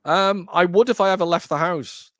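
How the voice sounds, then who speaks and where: A man's voice: high-pitched, normal speed, fairly bright tone, no echo, clean studio sound. A man hosting a podcast, chatting casually in a wry, joking, rambling way. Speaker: podcast host. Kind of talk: casual conversation.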